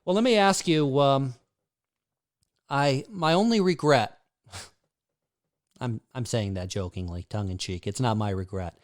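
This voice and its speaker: A male host leads an interview in a smooth, resonant, mid-pitched voice. He phrases his questions carefully and hesitantly, and the sound is close and dry. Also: no room sound. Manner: measured, hesitant questions with many fillers. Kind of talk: conversational interview.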